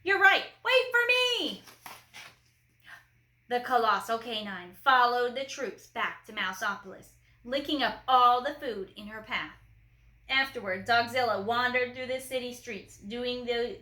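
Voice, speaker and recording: A woman reading a children's picture book aloud, lively with playful asides. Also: on the high side, a little slow. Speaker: storyteller. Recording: echoey room.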